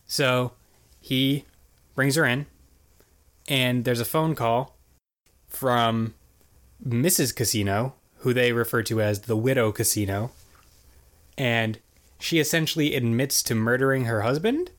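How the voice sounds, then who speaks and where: A man's voice: mid-range voice, measured pace, long pauses, fairly bright tone. Rambling young man recapping a cartoon. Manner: rambling, filler-heavy storytelling. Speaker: podcast co-host. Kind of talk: casual show recap chat.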